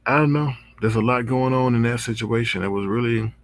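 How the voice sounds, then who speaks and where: A man hosting his own online commentary channel, chatting casually and reacting with drawn-out exclamations. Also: medium pitch, no room sound. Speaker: drama commentary channel host.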